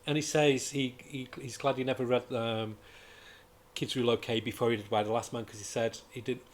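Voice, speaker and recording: A man chats casually through a comic review at a middling pitch. He sounds enthusiastic and rambles, often stopping partway and starting a sentence again. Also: steady tone, normal speed. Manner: rambling and enthusiastic, with frequent restarts. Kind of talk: casual chat.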